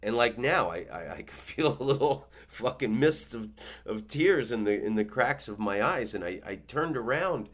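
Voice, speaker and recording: A man in his fifties, a comedian and podcast host, telling a story in a monologue with animated delivery and stammering restarts. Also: medium pitch, normal speed. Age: 50s.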